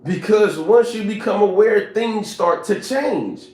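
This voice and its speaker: A man's voice: sits high, slow, darkish tone. A man giving a motivational live stream talk, emphatic and preacher-like, repeating his points and asking the chat to respond. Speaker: motivational speaker. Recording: roomy echo with faint music.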